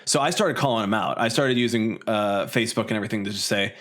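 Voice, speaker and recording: A man in his thirties, a podcast guest, telling a long story in casual, animated chat, swearing and laughing along the way. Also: fairly low pitch, quick pace.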